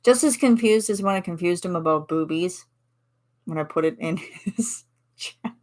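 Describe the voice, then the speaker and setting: A woman's voice: on the low side, moderate pace, a little mellow. Chatty Canadian woman streamer. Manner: chatty and giggly, reads chat replies aloud. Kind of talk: casual chat.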